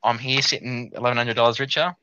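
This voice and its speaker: A man's voice: mid-range voice, fairly even intonation, fast talker, very noisy. A young Australian man casually telling a rambling story as a podcast co-host, slipping into mimicked voices. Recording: dull lo-fi sound.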